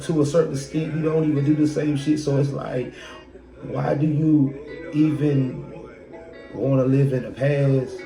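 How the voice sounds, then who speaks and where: A man hosting a podcast, giving a blunt, profane motivational monologue full of rhetorical questions. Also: medium pitch. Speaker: podcast host. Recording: echoey room with loud music behind.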